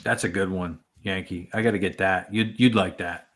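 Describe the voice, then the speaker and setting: A man's voice: low voice, fairly even intonation, normal speed. A man co-hosting a casual livestream, chatting easily and reading out viewer comments in a rambling way. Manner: easygoing, rambling. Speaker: livestream co-host.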